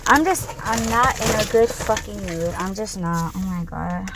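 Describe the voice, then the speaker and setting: Slow-talking, fed-up woman gig driver mutters and swears in her car; loud car noise behind her. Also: medium pitch. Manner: frustrated, profane, muttering to herself. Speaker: delivery driver and podcast host. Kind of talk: candid venting recorded on the job. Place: in and around a car while making deliveries.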